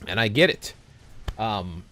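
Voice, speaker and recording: A man's voice: fairly low pitch, lively intonation, slow pace, fairly bright tone. A young man hosting a gaming livestream, chatting casually with viewers in a rambling way that keeps circling back on itself. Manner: rambling, self-interrupting storyteller.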